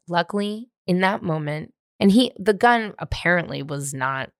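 Woman, 30s, solo podcast host, low-ish voice, dry close sound, swears freely, animated confessional rambling. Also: moderate pace, hardly any pauses, dry recording. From San Francisco, USA. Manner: profane, animated, rambling with many "like" fillers. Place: at home in the living room.

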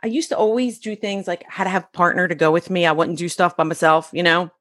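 A woman's voice: lowish voice, steady tone, quick pace, fairly bright tone, dry recording, clean studio sound. Blunt woman telling a vivid story. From US East Coast. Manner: blunt, acts out quoted dialogue. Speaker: guest. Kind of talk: storytelling in a podcast interview.

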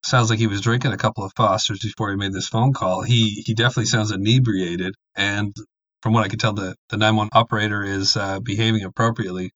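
A man co-hosting a podcast in casual chat, measured and dry-humored. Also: on the low side, fairly even intonation, a bit bright, no echo, dull audio. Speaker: podcast co-host.

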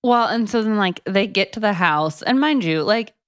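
A woman's voice: medium pitch, animated, normal speed, clean tone. A woman co-hosting a podcast, chatting casually and sarcastically about a book, her voice swooping up for emphasis. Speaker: podcast co-host. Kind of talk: casual book-review chat.

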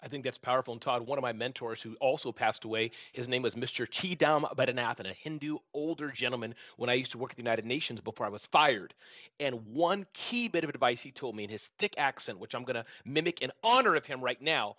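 A man hosting a casual panel, animated and calling each guest by name. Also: medium pitch, fast, no room sound, muffled recording. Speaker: host.

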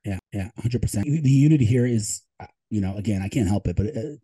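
A man in an interview, a tech advisor telling emphatic, animated stories. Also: fairly low pitch, fast, slightly rough, poor audio. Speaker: guest, tech advisor and Israel advocate. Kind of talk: storytelling interview talk.

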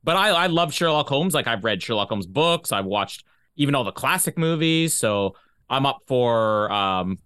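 A man's voice: mid-range voice, lively intonation, normal speed, a bit bright, clean tone, dry recording. A man co-hosting a podcast, chatting casually and teasing his partner with dry wisecracks. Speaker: podcast co-host. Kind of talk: casual chat.

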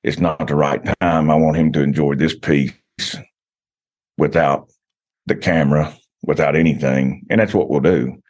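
A man's voice: extremely low pitch, steady tone, normal speed, darkish tone. A man, a guest on a casual podcast, telling stories in a rambling way with frequent restarts.

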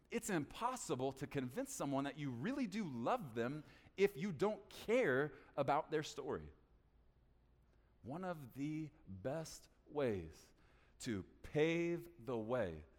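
A male pastor preaching a sermon in an animated way, acting out both sides of conversations. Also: medium pitch, big-room sound.

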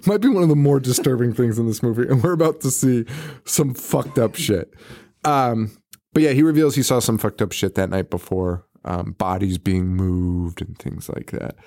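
A man's voice: medium pitch, moderate pace, dark tone, dry recording. A man co-hosting a podcast in a loose, profane chat about a movie. He laughs often and jumps into the characters' lines. His voice sits in a middle register and sounds dry and close. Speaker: podcast co-host. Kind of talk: casual chat recapping a movie.

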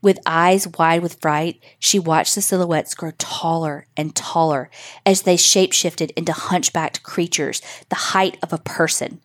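A woman narrating a scripted spooky story for children in a measured, suspenseful way. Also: sits low, steady tone.

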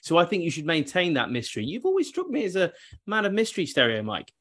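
A man's voice: high-pitched, huge pitch swings, fast talker, fairly bright tone. A man hosting a football podcast, ad-libbing in a playful, mock-grand way. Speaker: podcast host. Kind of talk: casual podcast banter.

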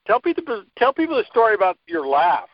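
Slightly high-voiced male host, dry lo-fi sound. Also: wildly swooping pitch, a little fast, dry recording. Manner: long, encouraging, probing questions. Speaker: interview host. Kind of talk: interview questions. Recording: dry, dull lo-fi audio.

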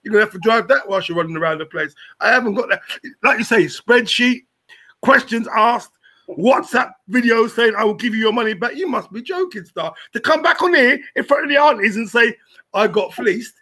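A man, a comedian and broadcaster chatting as a podcast guest, joking and animated, with shouts when he tells a story. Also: extremely high pitch, brisk. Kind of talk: casual podcast chat.

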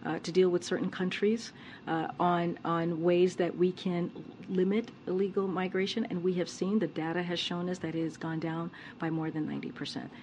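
A woman's voice: lowish voice, flat delivery, moderate pace, darkish tone, a little hiss or hum. A woman acting as a government spokesperson at a briefing, answering a question defensively and insistently.

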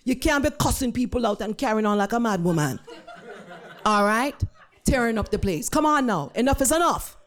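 A woman voicing a stern, motherly middle-aged nurse with a Jamaican accent, scolding loudly in broken grammar. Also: fairly high pitch, animated, normal speed, voice pushed up, natural voice. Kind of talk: storytelling with acted quotes.

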